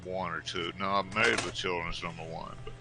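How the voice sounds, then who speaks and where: A man's voice: low voice, steady tone, fairly quick, gravelly. A middle-aged man chatting casually as a co-host, telling stories in a laid-back way and laughing often. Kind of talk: casual chat.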